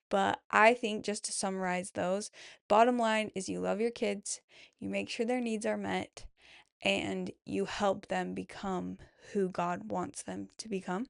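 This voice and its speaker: A woman's voice: medium pitch, creaky, no room sound, clean studio sound. A woman, a mom, chatting on her own as she reads out replies from her followers, affirming each one with frequent "I love that" remarks. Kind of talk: casual solo chat.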